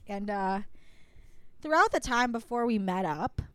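A young woman telling a dating story in casual, profane chat, swinging from mumbles into loud outbursts. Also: medium pitch, unhurried, smooth, dry recording. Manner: animated, profane, big swings into shouting.

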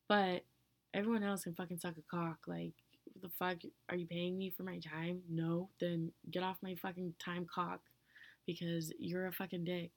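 A young woman talking to her own recorder in a casual, profane monologue, blunt and ranting, with loud bursts of indignation and breathy whispered asides. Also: on the low side, no room sound. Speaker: solo vlogger answering question prompts. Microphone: own recorder close by.

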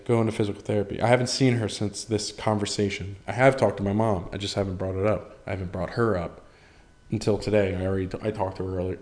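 A man's voice: fairly low pitch, a little mellow. Rambling young man telling a podcast story. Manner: rambling, self-deprecating, swears casually. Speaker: podcast host.

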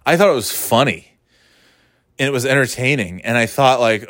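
Male host, dry close sound, mid pitch, sarcastic swearing rambler. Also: fast talker, a bit bright, no echo. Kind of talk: casual profane rant.

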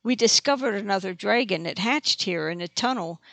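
A narrator reading an audiobook, voicing a small, brave young woman who calls out excitedly. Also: medium pitch, moderate pace, gravelly, no room sound. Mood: frightened. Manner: excited, calling out.

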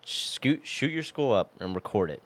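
A young man co-hosting a podcast, telling crude stories in a deadpan way during casual banter. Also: medium pitch, moderate pace, no room sound. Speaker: podcast co-host.

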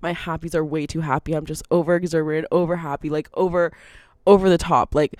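A woman's voice: deep voice, fairly even intonation, a little fast, darkish tone, no room sound. Casual woman, chatty and unfiltered, laughs mid-sentence, dry close mic. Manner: rambling, laughs often, swears freely. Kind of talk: casual monologue.

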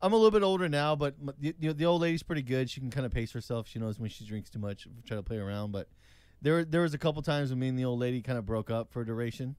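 A man on a podcast, telling a personal story in a relaxed, halting way. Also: mid-range voice, clear, resonant tone, dry recording. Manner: relaxed, halting, restarts often. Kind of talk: casual storytelling chat.

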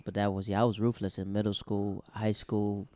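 A young man from North Carolina hosting a casual podcast chat, asking questions and telling stories in an easygoing, animated way. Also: on the low side, normal speed, no room sound. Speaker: podcast host.

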